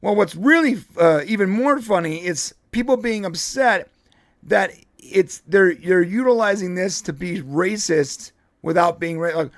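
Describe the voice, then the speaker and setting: A man's voice: sits high, unhurried, no echo, studio quality. A man co-hosting a live podcast stream, chatting casually in a rambling way with frequent restarts and laughs. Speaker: podcast co-host.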